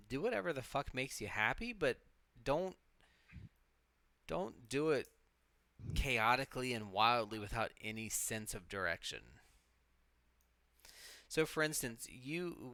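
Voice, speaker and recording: Bright, smooth-voiced man musing casually. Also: medium pitch, no room sound. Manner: loose and reflective, swears freely, many fillers and restarts. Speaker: co-host of a live witchcraft stream. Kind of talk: casual rambling talk.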